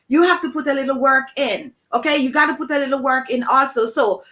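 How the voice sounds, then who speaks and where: High bright emphatic woman host. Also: brisk. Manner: animated, emphatic, repeats phrases for stress. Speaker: host of a live stream. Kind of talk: casual live chat.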